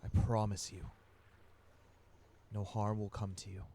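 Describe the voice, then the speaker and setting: A man's voice: on the low side, little pitch movement, unhurried, warm tone, a little hiss or hum, lightly acted. A man voicing an earnest young man who has come home, speaking in a heartfelt, apologetic, pleading way.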